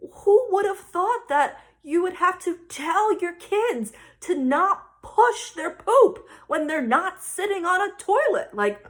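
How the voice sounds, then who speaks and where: Casting: exasperated thirties mom vlogger, very high voice, swooping delivery. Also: female voice. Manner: animated, exasperated retelling with quoted dialogue. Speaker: parent telling a story to camera. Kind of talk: casual storytelling vlog.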